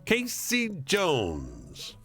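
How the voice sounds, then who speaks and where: A man's voice: huge pitch swings, very slow, pushed and bright, breathy edge, soft background music, exaggerated voice. A man voicing a proud, showy train engineer while reading a game aloud. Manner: booming showman delivery.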